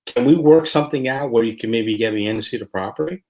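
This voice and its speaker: A man's voice: medium pitch, fast, a little mellow. Conversational man hosting an interview. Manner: conversational, asks follow-up questions. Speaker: interview host. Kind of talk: casual interview talk.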